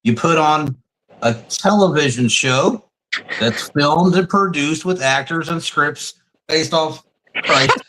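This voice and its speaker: A man's voice: fairly high pitch, pushed and bright, slight background noise, poor audio. Reflective male podcast host. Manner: reflective, builds points in quick listed phrases. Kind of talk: conversational interview.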